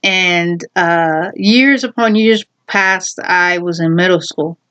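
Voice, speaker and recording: A woman's voice: on the low side, slow pace, fairly bright tone, clean tone. A woman telling a personal story in casual chat, rambling with lots of fillers and frequent laughs.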